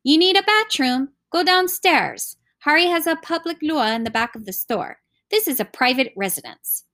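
A woman voicing a stern older male martial arts teacher who talks in gruff, scolding commands, read as an audiobook character. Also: on the high side, lively intonation, measured pace, no echo, clean studio sound.

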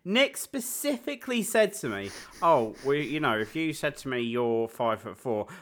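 A man in his thirties co-hosting a casual podcast chat. He swears freely and takes offence quickly. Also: medium pitch, sing-song, a bit bright. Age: 30s. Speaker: podcast co-host.

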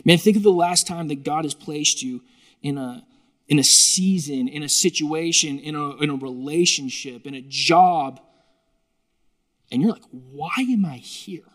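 A man preaching a sermon to a live congregation in a lively, joking, conversational way. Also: a little high, measured pace. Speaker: pastor.

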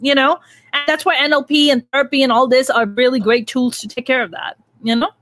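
A woman in her thirties hosts a frank conversation, swearing freely as she speaks with raw emotion. Her voice sits high, and it is recorded dry and close with no room sound. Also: fairly even intonation, quick pace, fairly bright tone, no echo. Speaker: podcast host. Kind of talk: candid conversational interview.

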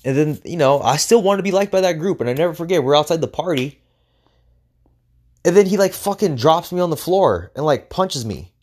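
Talking a little fast, the podcast host has a slightly high, somewhat mellow, expressive voice. His motivational monologue is emphatic and full of cursing, and he keeps firing off rhetorical questions.

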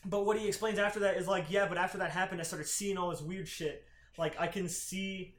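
A man's voice: high voice, steady tone, a little fast, fairly bright tone. A man hosting a podcast, casually retelling a comic plot in a rambling, profane way and acting out quotes. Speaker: podcast host. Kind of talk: casual chat recapping comics. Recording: roomy room with faint ambient noise.

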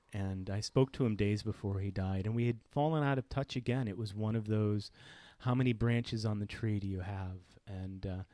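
A middle-aged podcast host with a lowish, darkish voice shares a personal story, earnest and reflective, often pausing and starting his thoughts over. He sounds close to a dry microphone, with no room sound around him.

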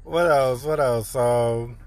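A man's voice: medium pitch, slow, a crowd in the background. A man of Caribbean heritage co-hosting a casual podcast chat, joking and slipping into a put-on Jamaican patois. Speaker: podcast co-host.

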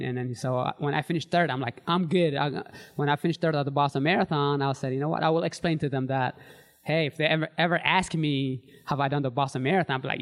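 Fast-talking man from Eritrea. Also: on the high side. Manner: animated, acts out quoted voices, non-native grammar. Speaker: guest, marathon runner. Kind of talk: storytelling in a live interview. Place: physical therapy studio before a live audience.

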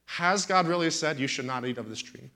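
Bright-voiced preaching man. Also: a little high, brisk. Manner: animated storytelling, emphatic and indignant. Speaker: pastor. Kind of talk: preaching on a talk show.

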